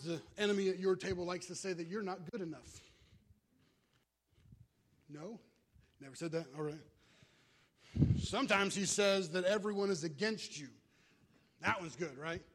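A man's voice: high-pitched, fairly bright tone. A man preaching a sermon as pastor, in a casual, conversational way, calling out to the congregation.

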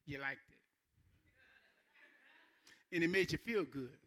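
Man, pastor, sermon, high voice, bright sharp tone, emphatic, repeats phrases. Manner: emphatic, repeats phrases, asks the congregation questions; animated preacher, slows down to stress key lines.

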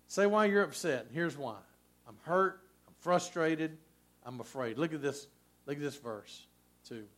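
A man preaching a sermon as a pastor, conversational and folksy, with frequent asides to the congregation. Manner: conversational preaching, folksy asides, lively swings in pitch and loudness.

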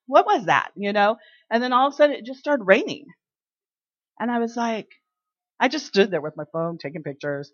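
A woman sharing personal faith testimonies in an animated way, acting out the dialogue in her stories. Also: mid-range voice, fairly quick, no room sound. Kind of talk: personal devotional storytelling. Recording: dry, slightly dull lo-fi sound.

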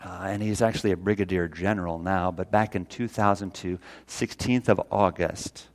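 Deep and steady in tone, a pastor preaches at a moderate pace with real energy. His style is folksy and heartfelt, he raises his voice loudly to quote scripture, and he becomes tearful for a moment.

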